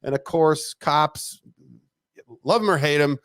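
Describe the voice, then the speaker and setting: A middle-aged man, a retired police detective and interview guest, telling a story in a casual, animated way, laughing often and swearing freely. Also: on the high side, slow pace, clean tone, no echo, studio quality.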